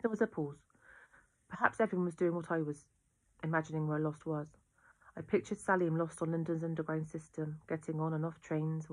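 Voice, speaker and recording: A woman reading a children's novel aloud in a steady, even storytelling voice. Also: low voice. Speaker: reader.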